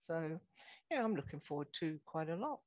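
A woman's voice: sits low, very animated, moderate pace, a little mellow, no echo. A woman on a podcast, heard through a dull, lo-fi microphone with a dry sound. She chats in an easygoing way, often letting her sentences trail off. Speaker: podcast co-host. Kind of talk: casual gaming chat.

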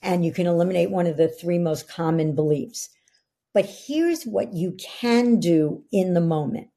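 A woman's voice: fairly low pitch, unhurried, warm tone. A middle-aged woman, a podcast guest, explaining ideas in an earnest coaching tone. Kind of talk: interview conversation.

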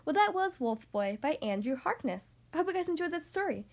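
A woman hosting a podcast, reading a picture book aloud to young children in an animated, expressive way. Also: high voice, brisk, vocal fry. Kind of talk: children's storybook read-aloud.

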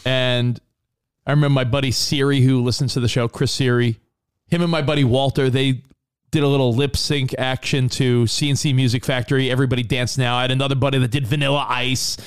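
A man's voice: mid-range voice, fairly quick, clear, resonant tone. A man co-hosting a casual talk radio show, telling stories and acting out quotes. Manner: animated storyteller, acts out quotes. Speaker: co-host.

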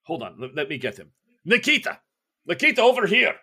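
A man voicing an excitable Russian party host with a put-on Russian accent and grand, raised delivery. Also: medium pitch, normal speed, lightly acted. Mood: effusive.

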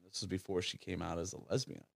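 A man's voice: deep voice, fairly even intonation, fast, gravelly, dry recording, studio quality. A man co-hosting a podcast, joking crudely with mocking asides and frequent laughs. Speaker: podcast co-host. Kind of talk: casual crude banter.

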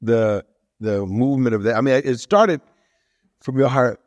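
A man's voice: mid-range voice, normal speed, no echo, lo-fi sound. A man interviewing a guest in casual conversation, asking rambling questions full of fillers.

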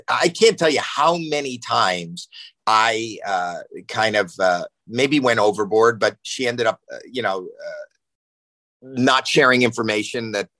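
A man in his sixties, a podcast guest, telling animated stories with lots of fillers and restarts. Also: lowish voice, no echo, low-quality recording. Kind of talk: casual storytelling.

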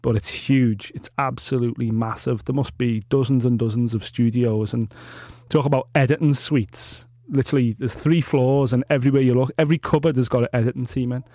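A man's voice: medium pitch, fairly even intonation, fairly quick, few pauses, mellow, dry recording, clean studio sound. A man co-hosting a podcast, telling stories wryly in casual chat. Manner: storytelling, wry and self-mocking. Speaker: podcast co-host.

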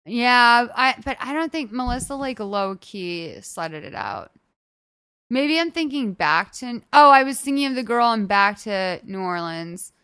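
A woman's voice: fairly high pitch, sing-song, unhurried, pushed and bright, smooth. A young woman co-hosting a podcast in rambling casual chat, full of "like" fillers. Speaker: podcast co-host.

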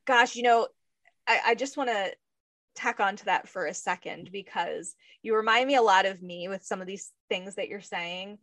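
A woman's voice: medium pitch, normal speed, fairly bright tone, dry recording. A woman hosting a podcast interview, chatting in an effusive, enthusiastic way. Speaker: podcast host. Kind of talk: casual interview chat.

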